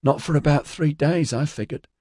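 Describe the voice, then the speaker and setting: A man's voice: on the high side, normal speed, a little mellow, no echo, studio quality, voice pushed up, natural voice. A man voicing a cold, exhausted young boy who speaks plaintively. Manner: plaintive, wretched.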